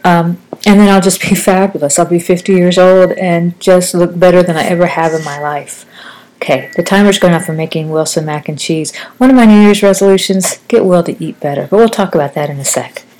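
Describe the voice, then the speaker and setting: A woman's voice: on the low side, steady tone, fairly quick, darkish tone, slight background noise, low-quality recording. A woman in her forties chatting casually to the camera, rambling and self-deprecating, with a slight lisp from new braces. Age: 40s. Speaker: vlogger. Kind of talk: casual chat.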